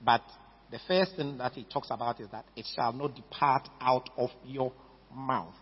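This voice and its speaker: A man's voice: mid-range voice, steady tone, normal speed, slightly rough. A man with a Ghanaian English accent preaching a sermon, stressing key words and often repeating himself. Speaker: pastor. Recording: dull lo-fi recording in a reverberant hall.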